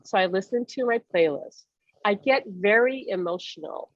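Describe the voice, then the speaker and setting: Animated woman medium, dull dry sound. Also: medium pitch, normal speed, no echo. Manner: animated, acts out voices, laughs often. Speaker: medium giving readings. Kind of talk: casual reading over a call.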